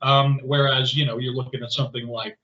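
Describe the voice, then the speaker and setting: A man co-hosting a podcast, chatting casually in an animated, rambling way with lots of fillers. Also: medium pitch, brisk. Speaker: podcast co-host. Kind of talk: casual conversational chat. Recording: roomy, slightly dull podcast audio.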